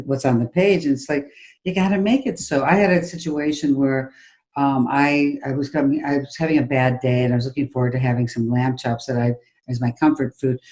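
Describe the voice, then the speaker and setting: A middle-aged woman with a low voice speaks as an acting coach in a relaxed interview. She tells stories with emphasis and bursts into loud acted-out outbursts of her own. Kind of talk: conversational interview.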